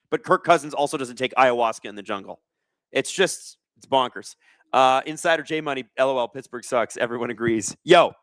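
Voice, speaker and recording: A medium-pitched, slightly bright male voice, recorded dry, belongs to a livestream host. During his casual live sports watch-along he reads the chat, makes sarcastic jokes, and swears a great deal.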